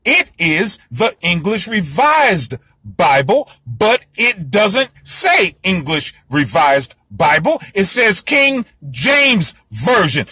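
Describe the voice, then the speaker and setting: Fiery, high-voiced ranting man. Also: sing-song, slow pace, bright, forceful tone, slightly rough, no echo. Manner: fiery, profane, preachy ranting. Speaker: host lecturing his audience. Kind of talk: heated solo monologue.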